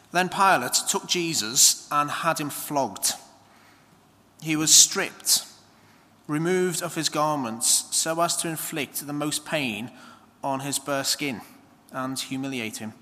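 A man giving a slow, measured homily with reflective pauses in a church. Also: mid-range voice, sharp tone. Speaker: preacher. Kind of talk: sermon. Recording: long church reverb.

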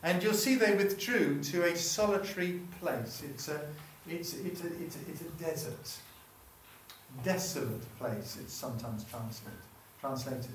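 Man, sermon, conversational and self-interrupting, slightly high voice, echoey hall, distant mic. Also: expressive, unhurried, slight background noise. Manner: chatty, self-interrupting, asks the room questions. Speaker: preacher. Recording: echoey room, voice from far off.

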